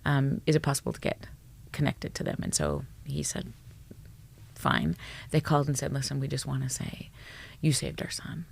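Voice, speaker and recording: A psychologist appearing as a podcast guest tells stories with animated bluntness, swearing freely and lowering to a hush at tender moments. Her voice is a rumbling low, creaky and slightly rough, delivered at normal speed.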